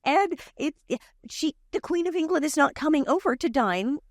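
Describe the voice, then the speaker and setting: A woman's voice: sits high, animated, moderate pace, dry recording, studio quality. A woman in her sixties with a Vancouver accent, telling stories animatedly as a podcast guest and laughing at her own tales. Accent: Vancouver Canadian. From Canada. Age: 60s. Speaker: guest, former child actor. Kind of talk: animated storytelling chat.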